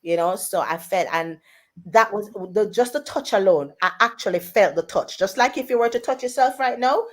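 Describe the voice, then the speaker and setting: A woman, a radio guest telling a personal story in a lively way and putting on family members' voices in quotes. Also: mid-range voice, moderate pace.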